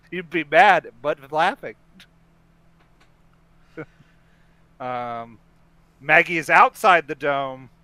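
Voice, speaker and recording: A man with a bright, forceful voice co-hosting a casual podcast and walking through a film scene by scene. He laughs often, restarts sentences and rambles along good-naturedly. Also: on the high side, expressive, very slow, long pauses, no room sound. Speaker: podcast co-host. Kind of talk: casual chat recapping a film.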